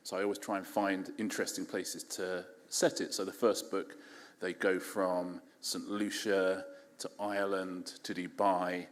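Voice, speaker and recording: A man's voice: low voice, little pitch movement, measured pace. Jokey English man in an echoey hall. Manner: chatty, self-deprecating, jokey. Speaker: author guest. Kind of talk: casual onstage conversation. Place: large festival hall on stage. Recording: echoey hall, faint background noise.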